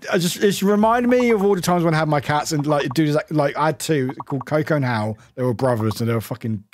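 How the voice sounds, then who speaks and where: A man streaming a game and chatting casually with his viewers, rambling along, laughing often and swearing freely. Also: medium pitch. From United Kingdom. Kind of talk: casual chat with viewers while gaming.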